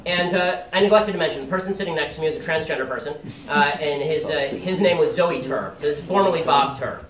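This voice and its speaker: A man's voice: on the high side, fast, a crowd in the background. A young man giving a sarcastic, combative political speech to a live audience. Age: young adult. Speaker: campus speaker. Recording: roomy hall, mic at a distance.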